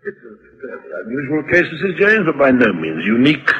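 An older family doctor, calm and explanatory, his pitch lively. The old radio recording is dull and lo-fi. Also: a little fast, a little hiss or hum.

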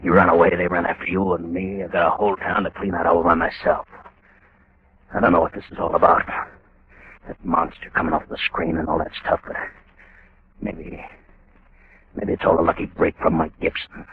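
An actor playing a gruff, callous boss who barks orders in old-time radio drama style. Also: male voice, low-pitched, monotone, normal speed, pauses often, a little hiss or hum. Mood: musing. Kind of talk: 1940s radio acting. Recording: muffled old radio recording.

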